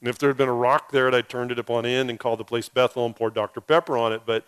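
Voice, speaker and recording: A male pastor delivers a sermon as a personal story, dropping in wry, self-deprecating asides. His voice is smooth and resonant at an ordinary pitch. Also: fairly even intonation, fast.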